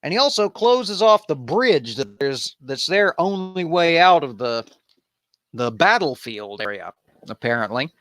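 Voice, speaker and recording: Brief: man, unhurried and irreverent, lively pitch, bright dry voice. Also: no echo. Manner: irreverent, wandering asides. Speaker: host of an improvised bible study. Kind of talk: casual reading and commentary.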